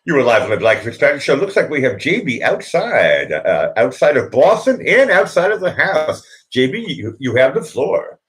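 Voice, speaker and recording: A man's voice: mid-range voice, sing-song, moderate pace, hardly any pauses, fairly bright tone. A man hosting a live stream show, chatting casually with lots of fillers and jokes. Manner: rambling, jokey, lots of fillers. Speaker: show host.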